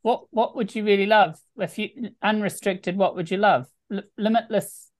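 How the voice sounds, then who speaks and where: A woman's voice: medium pitch, moderate pace, darkish tone. A woman on a group video call asking earnest, probing questions and repeating words for emphasis. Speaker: coaching group member.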